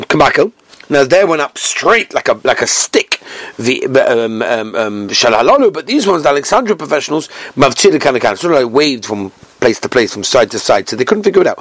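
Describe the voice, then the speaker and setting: A man's voice: a little high, fairly bright tone, dry recording. A man with an English accent teaching a Talmud class, translating line by line with a sing-song chant and lots of Hebrew terms. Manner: acts out quoted speakers in sing-song chant.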